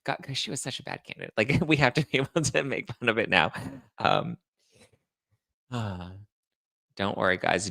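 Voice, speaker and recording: A man hosting a casual chat show, reading viewer comments aloud and answering them with sarcastic, animated remarks. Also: lowish voice, moderate pace, creaky, long pauses, dry recording, clean studio sound. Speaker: host.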